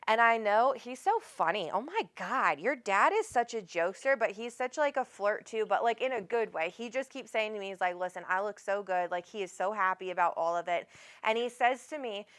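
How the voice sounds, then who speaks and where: A woman's voice: medium pitch, lively intonation, brisk, a bit bright. A woman hosting a live psychic reading, chatty and rambling, often calling people honey. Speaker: psychic medium host.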